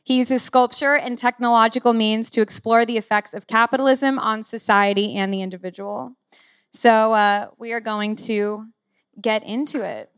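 A woman's voice: on the high side, steady tone, normal speed, fairly bright tone, clean tone. A woman hosting an onstage interview, chatty and self-deprecating. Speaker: host interviewer.

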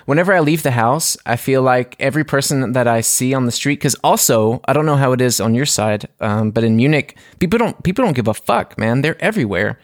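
A man hosting a podcast in casual chat over a phone call, relaxed and swearing freely. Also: mid-range voice, a little fast, hardly any pauses, no echo, clean studio sound. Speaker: podcast host.

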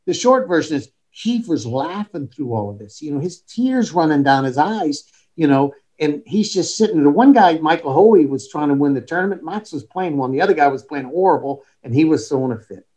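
A man's voice: fairly high pitch, brisk. A man who coaches golf, telling stories in an interview and acting out the quoted dialogue. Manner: animated storyteller, acts out quoted dialogue. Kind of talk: storytelling in a podcast interview.

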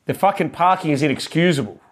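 A man's voice: fairly high pitch, expressive, fast. A man co-hosting a podcast, ranting with heavy swearing in a heated, mocking way. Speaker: podcast co-host. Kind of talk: sweary comic rant.

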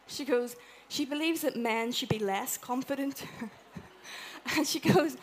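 A woman with an Irish accent giving a chatty, animated talk to a live audience, acting out little quotes as she goes. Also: sits high, a little slow, a little hiss or hum. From Ireland. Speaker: conference speaker. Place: event room with an audience.

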